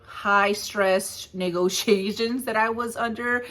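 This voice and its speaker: A woman in her forties talks straight to the camera in a relaxed vlog about her trucking business. She tells stories in a lively, no-nonsense way, breaking into easy laughs. Her voice sits at a middle pitch for a woman. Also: slow. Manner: lively retelling, frequent laughs, firm and blunt. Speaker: hotshot trucking business owner. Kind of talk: casual storytelling vlog.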